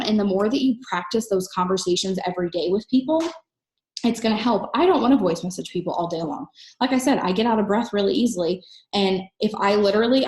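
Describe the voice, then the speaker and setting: A woman coaching network marketers in an energetic, emphatic solo talk, recorded at home in her kitchen. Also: mid-range voice, reverberant. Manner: energetic, emphatic, fast-talking.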